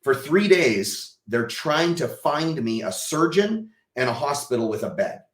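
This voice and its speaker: A man, a podcast guest, telling a personal story with emotion and acting out the dialogue, swinging from hushed to loud. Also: mid-range voice, very animated, a little slow, echoey room. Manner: vivid storyteller who acts out quoted dialogue.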